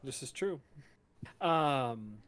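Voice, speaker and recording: A young man in his twenties runs a tabletop game at a slow, deliberate pace. His voice sits in an ordinary middle range, and his scene-setting comes out hesitant and full of pauses. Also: medium pitch, expressive, a bit bright. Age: 20s. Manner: unhurried, hesitant narration with fillers. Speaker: game master.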